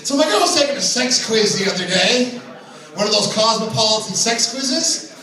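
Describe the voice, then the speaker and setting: A man's voice: sits high, animated, moderate pace, crowd noise. A young man doing open mic stand-up comedy, telling self-deprecating stories with chatty asides. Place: small comedy venue with audience. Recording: echoey room recorded from far off.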